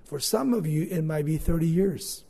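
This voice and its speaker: A male preacher delivering an informal, storytelling sermon with big shifts in loudness. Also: on the high side, animated, normal speed, vocal fry, breathy edge, in a large hall.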